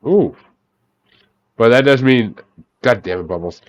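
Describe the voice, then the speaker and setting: Medium-pitched and animated at a measured pace, a man hosts a relaxed music podcast bracket chat over an online call, cursing freely as he calls on each guest by name. The recording is dry.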